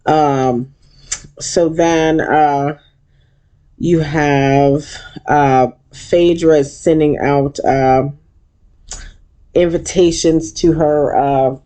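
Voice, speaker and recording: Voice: fairly even intonation, extremely slow, pauses often, mellow, clean tone. A casual recapper retelling a reality show episode in blunt, profane chat, full of fillers and acted-out quotes. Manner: acts out quotes with sudden high-pitched voices.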